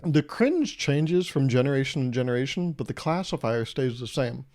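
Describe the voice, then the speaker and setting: A man's voice: mid-range voice, lively intonation, moderate pace, a little mellow. A man in his twenties hosting his own podcast, rambling through a casual solo monologue with self-deprecating jokes and asides. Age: 20s. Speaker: podcast host.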